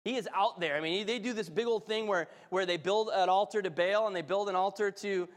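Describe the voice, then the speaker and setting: A high, bright-voiced man speaks a little fast as he reads from the Bible and preaches, rising into fervent, excited storytelling. His voice rings with a long reverb tail, like in a large hall.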